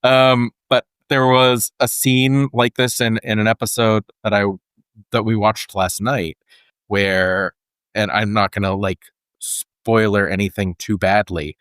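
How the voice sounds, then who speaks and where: Low-voiced guy cohosting a podcast, earnest, lots of "like", dry mic. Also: fairly bright tone, clear, resonant tone, dry recording. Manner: earnest, thinks aloud with many restarts and "like" fillers. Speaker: podcast co-host. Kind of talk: casual conversational podcast.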